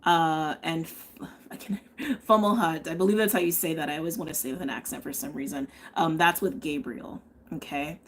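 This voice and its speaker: Chatty woman tarot reader, low voice. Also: steady tone, fairly quick, a little hiss or hum. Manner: chatty, thinks aloud, frequent "okay?" and "um". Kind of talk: live-stream tarot and astrology reading.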